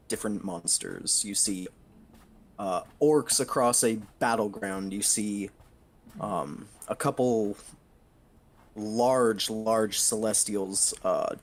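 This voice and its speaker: Male game master, low voice, slow, hesitant narration. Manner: hesitant, full of ums and uhs.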